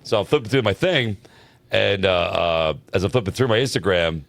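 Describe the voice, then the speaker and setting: A man's voice: low voice, animated, moderate pace, gravelly, no echo. A man co-hosting an advice podcast, telling a long story in casual chat, swearing freely and checking in with "right?" as he goes. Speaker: podcast co-host.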